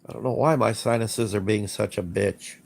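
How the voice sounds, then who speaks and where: A man with congested sinuses hosts a casual livestream, reading chat, rambling, repeating himself and offering blunt opinions. His stuffy-nosed voice sits lowish and sounds creaky and slightly rough, moving at a moderate pace.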